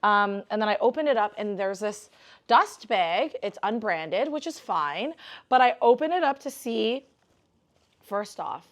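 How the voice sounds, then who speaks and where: A young woman talks through a jewelry unboxing for her vlog. She chats and rambles at a middling pitch and breaks into gushing, squealing bursts of excitement. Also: unhurried. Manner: chatty, rambling.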